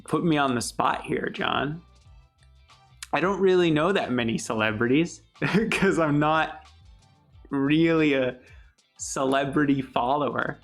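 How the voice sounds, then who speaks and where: Chatty young man with soft music behind. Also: a little high, measured pace, pauses often. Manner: chatty, upbeat, laughs easily. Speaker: YouTube creator. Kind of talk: casual Q&A monologue.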